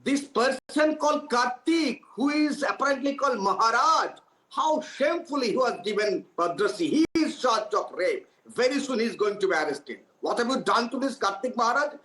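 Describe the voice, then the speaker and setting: Man, combative, high voice, animated, roomy echo. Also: normal speed. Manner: combative, hesitant restarts, accusatory. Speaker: political party spokesperson. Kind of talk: heated TV debate.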